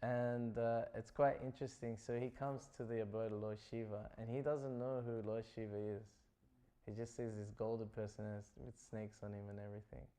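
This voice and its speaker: A man's voice: on the low side, flat delivery, moderate pace, warm tone. A man giving a scripture class, retelling stories in a loose, chatty way full of "like" and "you know". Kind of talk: casual storytelling talk.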